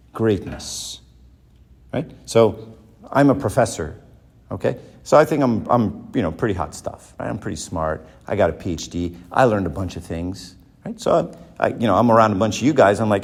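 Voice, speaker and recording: Male lecturer, somewhat low voice, animated teaching style with constant "right?" check-ins. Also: husky. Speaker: professor teaching a church class. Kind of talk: lecture with rhetorical questions.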